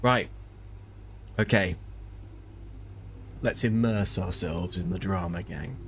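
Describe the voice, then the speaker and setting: A man's voice: low voice, slow pace, a bit bright, a little hiss or hum. A man casually live-streaming a racing game, greeting chat and joking in a mock-grandiose way.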